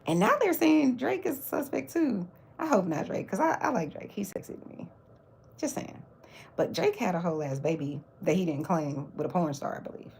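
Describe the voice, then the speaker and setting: A woman's voice: fairly low pitch, lively intonation, a little fast, creaky, a little mellow, husky. A woman hosting her own livestream, chatting casually about celebrity gossip with mocking asides. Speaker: livestream host.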